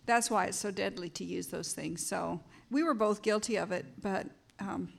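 A woman's voice: medium pitch, moderate pace, gravelly. Earnest woman co-teaching with her husband. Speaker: co-host, wife of the teacher. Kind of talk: casual teaching talk.

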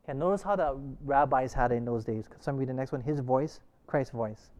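A man's voice: mid-range voice, quick pace, darkish tone. A man leading an interactive Bible class who keeps quizzing his listeners and restarts his sentences often. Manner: asks the class questions, frequent restarts. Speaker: Bible study teacher.

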